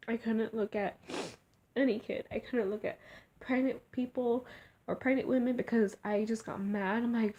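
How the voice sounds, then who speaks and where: A young woman talking in a personal vlog, emotional and halting, often trailing off into near-whispers. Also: on the high side, mellow. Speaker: vlogger.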